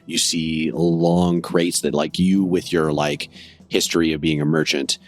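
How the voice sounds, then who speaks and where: A man's voice: a bass voice, little pitch movement, a little slow, soft background music. A man narrating as game master of a tabletop western game, describing scenes with musing, hedging asides.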